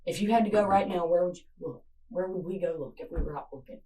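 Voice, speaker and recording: Speaking quickly in a lowish, dark voice, a woman confronts someone in an interrogation room over her missing child, angry, pleading and swearing. A faraway surveillance camera records the scene with faint noise.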